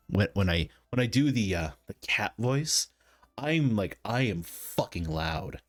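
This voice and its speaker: A young man riffs casually while streaming a game, rambling, playful and a bit profane, his pitch jumping around animatedly. Quiet game music plays underneath his chatter. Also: sing-song, measured pace. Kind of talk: casual gameplay commentary.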